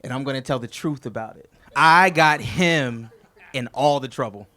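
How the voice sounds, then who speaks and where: A man's voice: medium pitch, normal speed, pushed and bright, some chatter behind. A man, the best man at a wedding reception, telling stories about the groom in a chatty, joking toast.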